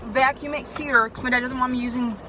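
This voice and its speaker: A young woman with a fairly high voice talks to her phone camera in a chatty, flustered way, filling her sentences with "like" and "literally". She is recorded in her car and out at a car wash, with clear traffic and engine noise behind her. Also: steady tone, fast talker. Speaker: vlogger. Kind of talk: casual vlog chat.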